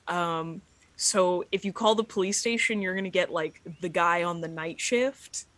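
Soft-spoken slow game master woman. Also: fairly low pitch, dry recording. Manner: soft, hesitant, many fillers. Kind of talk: narrating a tabletop game.

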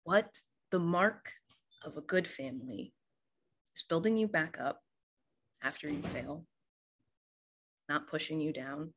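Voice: medium pitch, slow, pauses often, a bit bright. A game master voicing a kindly woman who consoles a young friend, hesitant and reassuring. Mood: gentle, consoling.

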